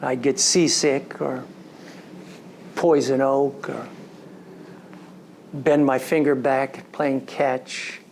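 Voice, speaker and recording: A man giving a storytelling lecture to an audience, recounting a personal story in an animated way and slipping into quoted dialogue. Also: mid-range voice, drawn-out words, creaky, pauses often, a little hiss or hum. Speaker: story coach.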